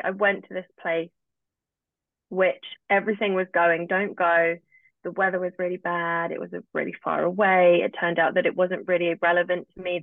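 A woman's voice: lowish voice, dry recording. A woman, a guest telling her own story casually and often acting out what she said back then. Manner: chatty, often acts out her own past remarks. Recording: dry, tinny phone-like line.

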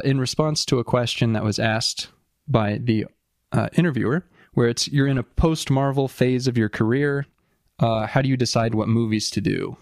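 A man co-hosting a casual podcast, reading quotes aloud and chatting with dry, deadpan humor. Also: mid-range voice, dry recording. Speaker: podcast co-host.

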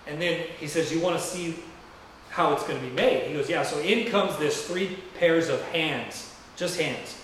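A man's voice: fairly high pitch, normal speed, a bit bright, a little hiss or hum. Pastor guy preaching, chatty rambling story, super echoey church, mic kinda far off. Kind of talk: sermon. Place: church sanctuary. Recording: very echoey room heard from a distance.

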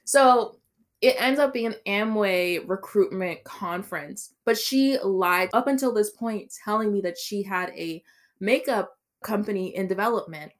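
A woman's voice: medium pitch, measured pace. Young woman telling a story with swears. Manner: animated storytelling with swearing and laughter. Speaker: podcast co-host. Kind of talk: casual chat.

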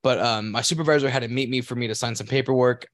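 A man's voice: mid-range voice, quick pace, dry recording. Crude, rambling man telling a story. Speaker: podcast co-host. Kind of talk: casual podcast chat.

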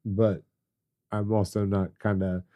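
A man's voice: lowish voice, level tone, measured pace, highs cut off. A stuffed-up man co-hosting a podcast, chatting casually and teasing his co-host. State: congested. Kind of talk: casual chat.

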